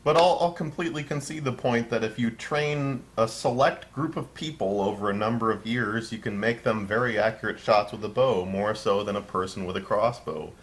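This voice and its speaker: A man's voice: on the low side, normal speed, hardly any pauses. A man co-hosting a casual chat, making his points in a dry, wry way. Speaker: co-host.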